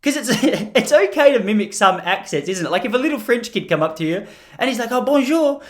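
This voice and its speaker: A man's voice: high voice, expressive, quick pace. An Australian man hosting a podcast, chatting casually to camera in a joking, rambling way. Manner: joking, rambling, slips into playful mimicry. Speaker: podcast host.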